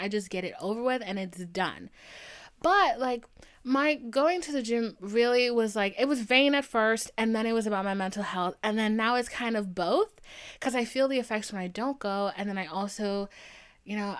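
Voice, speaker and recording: Storytelling is the heart of this young woman's podcast. Her casual, animated monologue moves between quiet murmurs and sudden excited bursts.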